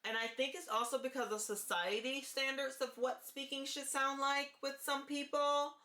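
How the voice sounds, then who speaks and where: A woman talking to camera in a casual vlog, with a light, forward-placed voice and an earnest, deliberate way of repeating her key points. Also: high-pitched, flat delivery, sharp tone, reverberant. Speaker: vlogger sharing voice therapy progress.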